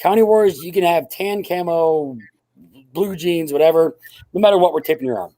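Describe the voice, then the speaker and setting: Mellow offhand man, dry sound. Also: fairly high pitch, normal speed, no room sound. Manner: offhand, rambling explainer. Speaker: guest, airsoft field owner. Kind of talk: casual podcast chat.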